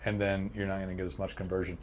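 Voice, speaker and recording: Brief: podcast host, man, lowish voice, blunt and emphatic. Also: flat delivery, rapid-fire, darkish tone, slight background noise. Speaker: podcast host and agency owner. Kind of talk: casual business chat.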